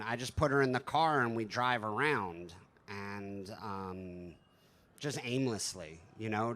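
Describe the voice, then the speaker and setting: A man in his thirties performing stand-up, spinning stories about home life in a loose, conversational way. He swears freely and pokes fun at himself. His voice sits at an ordinary middle pitch. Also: a bit bright, a little hiss or hum. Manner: profane, conversational, self-deprecating. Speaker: stand-up comedian. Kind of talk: stand-up storytelling.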